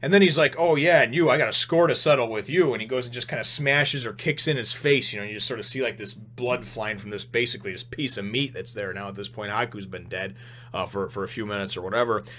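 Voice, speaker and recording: Speaking fast in a voice on the low side, a man reviews a manga chapter for his channel, excitable and rambling, with plenty of "you know" and "right?" He sometimes voices characters' lines in a raised voice, and a little hiss or hum runs under the audio.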